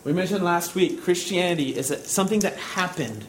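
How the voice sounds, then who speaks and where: A man preaching a sermon, building to loud, high-pitched emphasis as he drives his points home. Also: brisk, a little hiss or hum, low-quality recording. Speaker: pastor.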